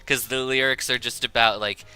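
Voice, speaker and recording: A man's voice: medium pitch, steady tone, moderate pace, bright, forceful tone, clean tone, faint music behind. A man streaming a game, chatting casually, rambling and laughing often. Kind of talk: casual chat while gaming.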